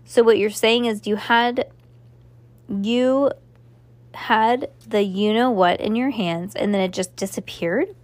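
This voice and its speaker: A woman reading aloud, voicing an eager, talkative know-it-all boy with an excited, quick delivery in a storybook. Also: on the high side, dry recording.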